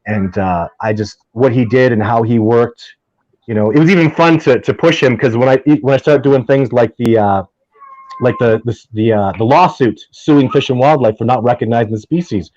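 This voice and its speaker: Excitable man telling rambling stories. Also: medium pitch, moderate pace, no echo, lo-fi sound. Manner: enthusiastic, rambling, often restarts, gets heated. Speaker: guest, Sasquatch researcher. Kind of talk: casual interview storytelling.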